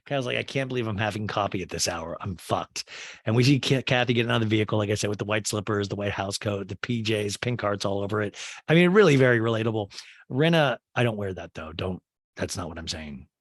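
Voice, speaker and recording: A man's voice: on the low side, animated, brisk, dry recording. A man hosting a comedy podcast, recapping a reality show with sarcastic, profane asides and exaggerated mimicked quotes. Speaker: podcast host.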